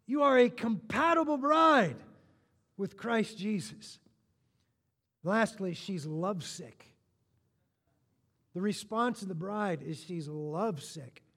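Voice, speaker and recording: A man preaching a sermon, lively and animated, with joking asides to his congregation. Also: sits high. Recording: long hall reverb.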